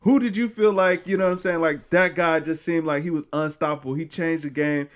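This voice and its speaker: A man with a high voice co-hosting a casual sports podcast. He lays out his arguments in a relaxed, conversational way, leaning on filler phrases as he builds his case. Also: a little fast, smooth. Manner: relaxed, uses "you know what I'm saying". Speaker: podcast co-host.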